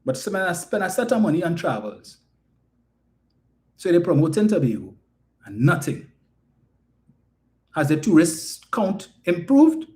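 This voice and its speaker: A man's voice: sits high, a little mellow. A man with a Trinidadian accent giving an emphatic, indignant political commentary monologue full of rhetorical questions.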